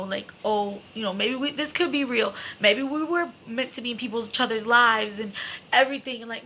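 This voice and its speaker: A young adult woman with a slightly high, sharp-toned voice shares a personal story casually and emotionally, with a little background noise. She's candid, swears freely, and leans heavily on fillers like "like" and "you know."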